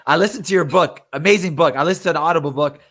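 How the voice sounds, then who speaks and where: A man hosting a podcast in casual chat, excited and saying "like" and "bro" a lot. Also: a little high, fairly quick. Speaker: podcast host.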